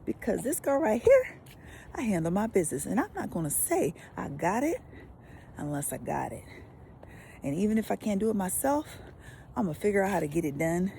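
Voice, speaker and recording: Woman pastor, mellow dark tone, animated delivery with whispered asides. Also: medium pitch, brisk, vocal fry, slight background noise. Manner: animated, swings from loud emphasis to whispers. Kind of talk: lively devotional teaching.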